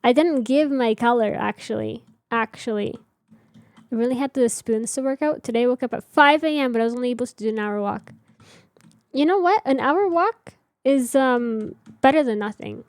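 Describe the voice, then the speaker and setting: A woman's voice: on the high side, normal speed, no room sound, studio quality. A young woman streamer chatting casually with her viewers while building in a game, rambling and answering chat.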